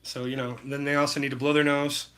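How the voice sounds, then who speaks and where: A man paints on a live stream while chatting to his viewers, calling them by name, rambling in a laid-back way and swearing freely. His mid-range voice has little pitch movement, a quick pace and a sharp tone.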